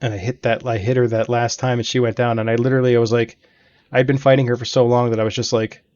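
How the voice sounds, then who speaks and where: A man's voice: mid-range voice, little pitch movement, fast, a little mellow, lo-fi sound. A man hosting a let's play, telling long stories about beating game bosses in a chatty, rambling way from his home gaming room. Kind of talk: casual gaming commentary.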